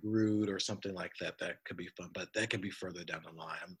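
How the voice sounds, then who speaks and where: A man co-hosting a casual fan podcast, talking in an animated, rambling way with lots of fillers. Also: deep voice, a little fast, slightly rough. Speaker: podcast co-host.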